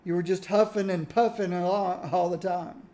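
A man casually reminiscing about old games while he plays, musing aloud in a relaxed way. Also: high-pitched, normal speed. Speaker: gaming streamer. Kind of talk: casual commentary while playing.

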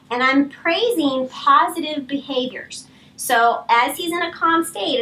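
A woman dog trainer walks listeners through a live demonstration, mixing plain explanation with calm, firm commands. Her voice sits high, and it sounds picked up from a step or two away from the microphone. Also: normal speed, distant mic, poor audio.

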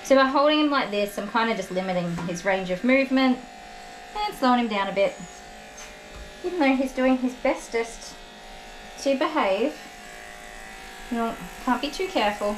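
A woman's voice: on the high side, lively intonation, moderate pace, pauses often, slight background noise. Soothing woman groomer, echoey room. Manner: soothing, repetitive praise, chatty. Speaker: dog groomer. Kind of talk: talking to a dog while grooming, asides to viewers. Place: grooming salon. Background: electric clippers buzzing.

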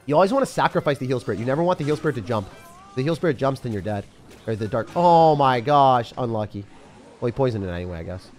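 A young man giving live commentary as he plays a mobile game, thinking aloud and breaking into sudden excited yelps. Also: medium pitch. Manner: excitable, talks to himself while playing, sudden yelps. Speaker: game streamer.

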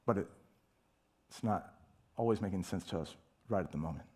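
A male pastor preaching a sermon, emphatic, asking rhetorical questions and dropping to a hush at times. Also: low voice, a little fast, breathy edge. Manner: dramatic shifts from loud to hushed, whispering asides.

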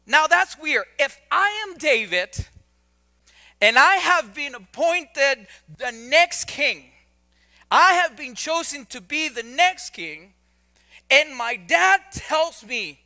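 A man's voice: very high-pitched, lively intonation, takes it slowly, bright, forceful tone. A male pastor preaching a sermon in a conversational way, often repeating words and adding joking asides.

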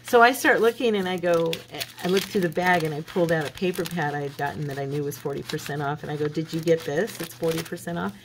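Brief: lower-voiced woman crafter, rambling chatty storyteller, paper crinkling clearly behind. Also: fast, few pauses, background noise. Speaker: craft channel host. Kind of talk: casual chat while crafting.

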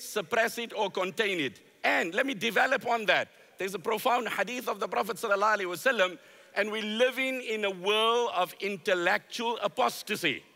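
A man's voice: high-pitched, bright, forceful tone. A man preaching a sermon in a large convention hall, emphatic, repeating key phrases and quoting verses. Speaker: Islamic preacher. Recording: long hall reverb.

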